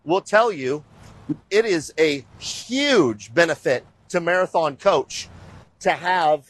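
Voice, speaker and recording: A man's voice: fairly high pitch, slow, rough recording. A middle-aged man hosting a show, talking casually and with energy to viewers as he walks them around. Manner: animated and rambling, often addressing viewers as "you guys". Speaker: show host. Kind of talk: casual walking-tour talk to viewers.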